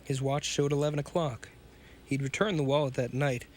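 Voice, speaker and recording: A man's voice: mid-range voice, fairly even intonation, brisk, a little hiss or hum. A man hosting a podcast, reading an old pulp story aloud with casual asides and the odd stumble over words. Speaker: podcast host reading stories.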